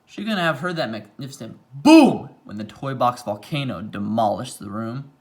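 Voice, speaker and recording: Guy reading a rhyming kids book out loud, voice jumps around a lot, stops to comment on pages. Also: medium pitch. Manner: expressive reading, pausing for quiet asides about the book. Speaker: student reading a picture book aloud. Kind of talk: reading a rhyming storybook aloud.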